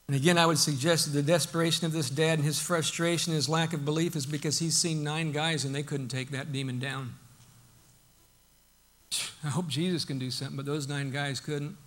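A man preaching a sermon, emphatic, acting out Bible quotes and dropping to a hush for his points. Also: a little high, steady tone, brisk. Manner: emphatic, swings from loud to hushed, acts out Bible quotes.

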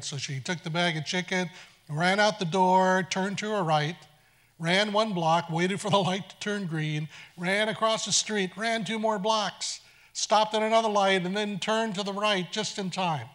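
A male preacher tells a dramatic story from the stage, his voice swinging between loud passages and hushed ones. He speaks in a high, bright voice.

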